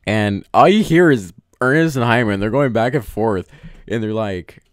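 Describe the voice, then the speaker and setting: A man hosts a relaxed live stream, talking in a loose, rambling way full of "um" and "like". His voice sits on the low side but swings a lot in pitch. The sound is dry, with no room echo. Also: normal speed, clean tone. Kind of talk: casual live-stream chat.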